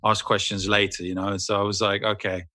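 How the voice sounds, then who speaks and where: Male actor guest, fairly low voice, loose rambling self-deprecating chat, dry close mic. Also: little pitch movement, fairly quick, bright, forceful tone, dry recording. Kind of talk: casual interview chat.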